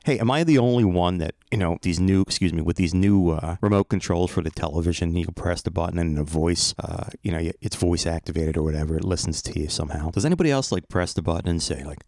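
A man's voice: low voice, quick pace, few pauses, darkish tone, dry recording, studio quality. A middle-aged man hosting his podcast alone, rambling in a playful, self-mocking way. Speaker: podcast host. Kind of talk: casual solo podcast monologue.

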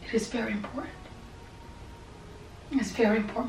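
A woman pastor preaching and praying, impassioned and repetitive, sometimes falling to a soft whisper. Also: on the high side, steady tone, normal speed. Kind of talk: sermon and prayer. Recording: echoey room, voice from a distance, faint background hum.

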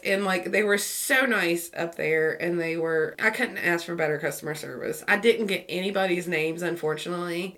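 A woman from West Virginia, co-hosting a podcast and telling a story in animated casual chat, acting out the voices of the people involved. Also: lowish voice. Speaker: podcast co-host.

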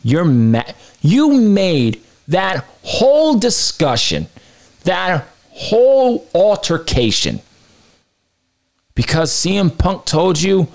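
A man hosting a wrestling podcast, delivering a heated, profane opinion rant that swings between low mutters and high outbursts. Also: big pitch swings, takes it slowly, vocal fry. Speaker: podcast host.

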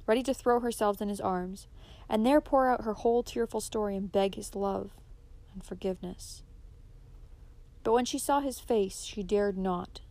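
A woman narrating a classic novel in a steady, expressive reading voice. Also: mid-range voice. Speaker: audiobook narrator. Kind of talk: scripted narration.

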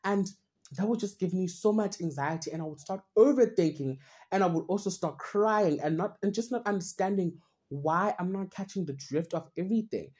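A young woman hosts a podcast, her voice fairly low, dark and slightly rough at a moderate pace. She talks earnestly and at length about her own struggles, rambling and searching herself in a personal, reflective monologue.

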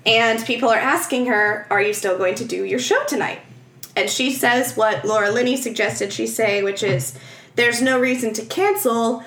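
A woman's voice: mid-range voice, moderate pace, roomy sound. A woman chatting casually as a podcast co-host, telling a story with lots of acted-out quotes and frequent laughter. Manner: animated storytelling, acts out quotes, laughs often. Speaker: podcast co-host recapping a film. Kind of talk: casual chat.

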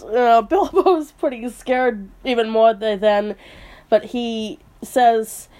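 A woman's voice: on the high side, darkish tone. Woman co-host, casual book chat, conversational, hedging with fillers. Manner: chatty, hedging with um and uh.

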